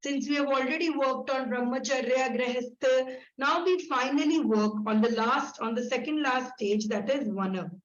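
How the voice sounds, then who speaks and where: A woman leading a relationship workshop, brisk and instructive, listing points one by one. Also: high voice. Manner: brisk, instructive, repeats key words in lists. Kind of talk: live workshop teaching. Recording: echoey room, dull lo-fi sound.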